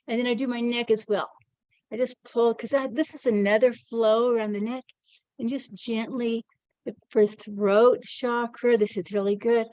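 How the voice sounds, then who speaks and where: Her voice is on the high side, steady and darkish, at a moderate pace as she teaches an energy routine and describes each movement, slightly breathless. This casual, chatty, encouraging demonstration is recorded dry and in low quality.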